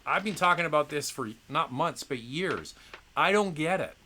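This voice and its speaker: A man's voice: fairly high pitch, expressive, normal speed, bright, forceful tone. A middle-aged man hosting a live viewer Q&A, talking in a chatty, opinionated way with frequent fillers and restarts. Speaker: host answering viewer questions. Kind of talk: casual livestream Q&A.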